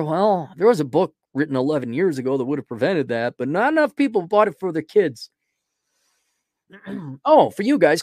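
A man's voice: medium pitch, dry recording, studio quality. A man hosting his own podcast, talking alone in a blunt, sarcastic and profane rant. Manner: sarcastic asides. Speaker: podcast host. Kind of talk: solo podcast monologue.

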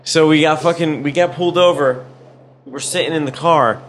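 A man's voice: fairly high pitch, normal speed, slight background noise. A man hosting a podcast, telling a long story in casual, profane chat and acting out the people in it. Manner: profane, animated storytelling with acted-out quotes. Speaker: podcast host.

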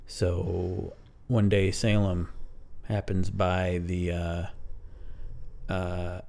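A man's voice: low-pitched, flat delivery, very slow, vocal fry, dark tone. A man co-hosting a podcast, improvising a bedtime story with hesitant, rambling asides and dry humor. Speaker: podcast co-host.

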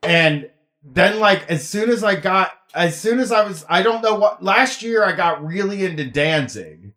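Rambling podcast host, higher voice. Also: male voice, animated, unhurried, bright, forceful tone. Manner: rambling, self-interrupting, wry. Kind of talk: casual podcast chat.

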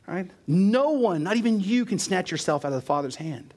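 High-voiced emphatic male preacher. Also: expressive, quick pace, few pauses. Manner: emphatic, repeats words for stress, asks "right?". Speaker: pastor. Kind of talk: sermon.

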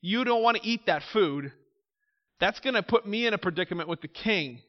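A man's voice: high-pitched, animated, moderate pace, dull audio. A man voicing a nervous male royal official who is anxious and pleading about his king. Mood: worried.

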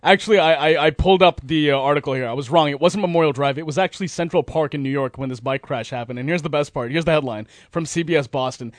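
A man's voice: fairly high pitch, quick pace, few pauses, no room sound. A man hosting a casual sports talk radio show, telling stories with energy and mimicking the people he talks about.

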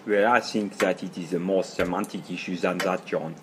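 Guy doing a fake french philosopher, lowish voice, stiff and pompous. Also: steady tone, normal speed, noisy background, close to an everyday voice. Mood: earnest. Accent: put-on French. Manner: formal, slightly broken phrasing. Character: pompous male French philosopher, muddled and pretentious. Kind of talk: comedy sketch acting.

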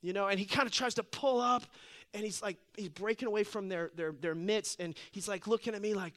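Middle-aged male pastor, high bright voice, animated storyteller who goes hushed for effect. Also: a little fast. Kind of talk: sermon with personal story.

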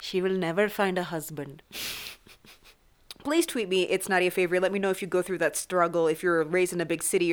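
Smooth-voiced joking podcast host woman. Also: lowish voice. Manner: animated, jokey, swears freely. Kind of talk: casual solo podcast monologue. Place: small isolation booth.

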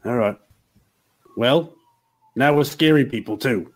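A man playing a tabletop role-playing game, halting and repeating words as he talks. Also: medium pitch. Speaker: player. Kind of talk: casual tabletop chat.

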